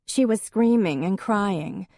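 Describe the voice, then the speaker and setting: A woman's voice: mid-range voice, slow pace, vocal fry, warm tone, dry recording, clean studio sound, pitched above the performer's own voice. A woman playing a fretful tattling woman. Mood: anxious.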